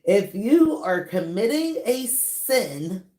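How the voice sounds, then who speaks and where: A woman with a lilt talks through celebrity gossip in a loose, animated way, laughing often. She stretches out her words at an unhurried pace. Her voice rings in a noticeably echoey room. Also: medium pitch. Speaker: celebrity gossip channel host. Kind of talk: casual commentary.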